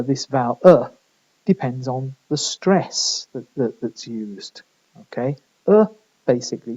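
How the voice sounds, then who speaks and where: A man's voice: mid-range voice, warm tone, dull audio. A male university lecturer giving a recorded lecture, explaining step by step in a patient way.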